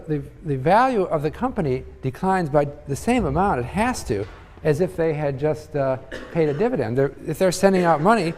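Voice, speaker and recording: A man's voice: on the high side, darkish tone. Older male professor in a reverberant hall. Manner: conversational, thinking aloud with many fillers and restarts. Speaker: economics professor. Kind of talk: university lecture. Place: large lecture hall. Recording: lecture hall with long reverb.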